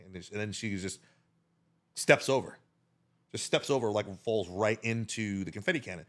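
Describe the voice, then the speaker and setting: A man telling a casual story as a podcast guest, animated and swearing freely, talking with his hands. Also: on the low side, moderate pace, long pauses.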